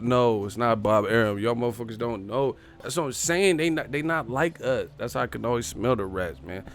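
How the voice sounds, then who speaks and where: A man's voice: mid-range voice, a little fast, few pauses. A man hosting a boxing livestream, ranting casually in a profane, mocking way and laughing often. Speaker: boxing show host.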